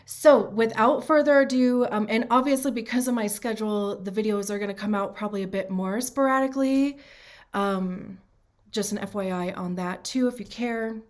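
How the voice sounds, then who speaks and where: A woman's voice: medium pitch, moderate pace. A woman with a stuffy nose, talking chattily with many fillers as she hosts a casual tarot reading vlog. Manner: chatty, with frequent fillers and self-interruptions. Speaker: tarot reader.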